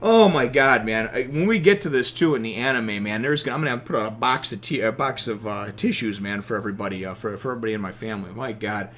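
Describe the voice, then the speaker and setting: A man in his thirties casually reviewing a comic chapter from his home office, animated and emotional, swearing now and then. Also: mid-range voice, fast, hardly any pauses.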